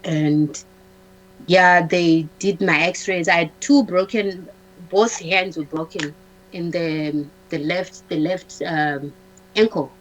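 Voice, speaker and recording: A woman's voice: on the low side, fairly even intonation, slow pace, slight background noise, low-quality recording. Woman guest telling her own story, stops and restarts a lot, repeats words, plays out what people said. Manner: acts out the dialogue of others in her story. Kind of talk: personal storytelling on a talk show.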